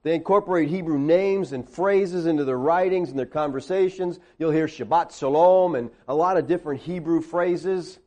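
A man preaching in a conversational teaching style, animated, tossing sarcastic asides and questions to his listeners. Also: fairly high pitch, moderate pace, few pauses.

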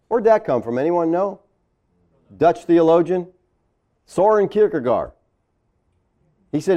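Animated high-voiced male preacher. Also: unhurried, long pauses. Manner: conversational preaching with frequent "all right?" and "okay?" checks; acts out quoted voices with big pitch swings. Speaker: pastor. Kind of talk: sermon.

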